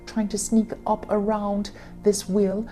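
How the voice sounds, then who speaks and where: A woman giving a tarot reading to her viewers, talking in a halting way with many fillers and self-corrections. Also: mid-range voice, level tone, mellow, faint music behind. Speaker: tarot reader.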